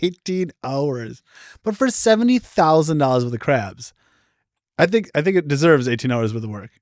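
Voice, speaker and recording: Male podcast co-host, a bit high-pitched, quick with self-amused jokes. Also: sing-song, a little mellow, no room sound, studio quality. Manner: jokey, laughs at his own jokes. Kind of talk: casual chat.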